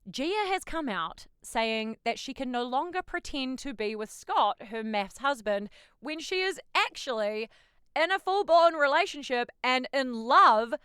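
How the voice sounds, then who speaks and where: A woman hosting a pop culture gossip show in a bubbly, cheeky way, with sudden loud outbursts. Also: sits high, no room sound, studio quality. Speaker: host.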